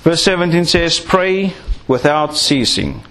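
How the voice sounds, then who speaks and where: A man's voice: fairly high pitch, sing-song, unhurried, fairly bright tone. A man preaching a sermon, acting out little scenes to make his points. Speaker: pastor.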